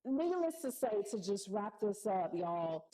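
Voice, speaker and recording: A woman's voice: mid-range voice, a little slow, low-quality recording. A woman telling a personal story in a casual, slangy way, acting out what people said. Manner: animated, slangy retelling with acted-out quotes.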